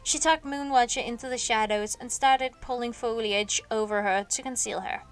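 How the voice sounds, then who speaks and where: A woman reading a novel aloud on a stream, sleepy and yawning, with expressive delivery and small slips she corrects. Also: a little high, moderate pace, faint music behind.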